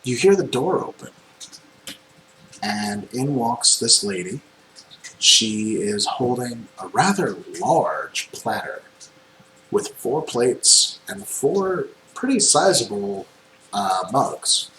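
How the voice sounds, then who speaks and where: A man running a tabletop game as game master, describing scenes in unhurried narration with frequent ums. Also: medium pitch, very animated, fairly bright tone. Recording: echoey room with faint noise.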